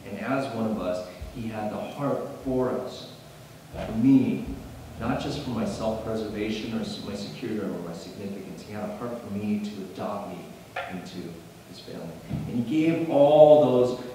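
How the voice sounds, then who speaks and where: Low-voiced guy pastor preaching, gets loud and excited, restarts a lot, big echoey church hall, faint background hum. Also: moderate pace. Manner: animated, rising to emphatic bursts, with restarts. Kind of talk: sermon. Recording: echoey hall, mic at a distance.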